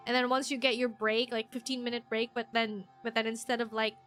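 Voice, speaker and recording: A woman's voice: on the high side, little pitch movement, a little fast, a bit bright, soft background music. A young adult woman streaming a game, chatting casually in a rambling, self-deprecating way with lots of restarts and giggles. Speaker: VTuber streamer.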